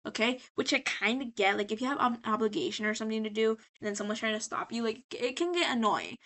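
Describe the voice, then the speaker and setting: A tipsy woman vlogger rambles through a casual story recap. She restarts and trails off often. Her voice is bright, sharp and fairly high. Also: fast. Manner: rambling, animated, loses her place.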